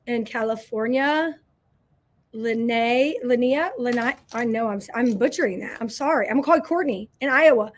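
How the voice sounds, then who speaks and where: Woman host, middle-aged, high bright voice, chatty and effusive live-stream chat, greeting viewers one by one. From Indiana, USA. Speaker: company president hosting a live Q&A.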